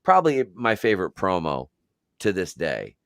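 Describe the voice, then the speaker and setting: A man's voice: low voice, huge pitch swings, moderate pace, vocal fry, clear, resonant tone, no echo, studio quality. A man co-hosting a podcast in casual chat. He rambles, swears constantly and acts out what people said. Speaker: podcast co-host.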